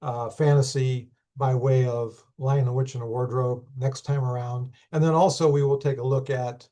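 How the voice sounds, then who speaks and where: A hoarse man teaching a class, unhurried and thinking aloud with many fillers and restarts. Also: medium pitch, steady tone, mellow. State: hoarse, losing his voice. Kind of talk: recorded class lecture.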